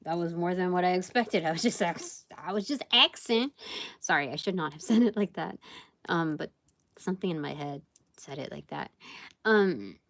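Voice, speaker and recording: A woman's voice: on the low side, normal speed, gravelly, no room sound. A woman giving a casual live tarot reading, rambling and thinking aloud with many fillers. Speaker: tarot reader.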